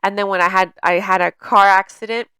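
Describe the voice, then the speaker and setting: A woman's voice: mid-range voice, fairly even intonation, brisk, pushed and bright, clean tone, no echo. A woman coaching in a casual talk, with a slight stutter that makes her repeat words mid-sentence. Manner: conversational, many fillers like "you know" and "like". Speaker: emotional intelligence coach.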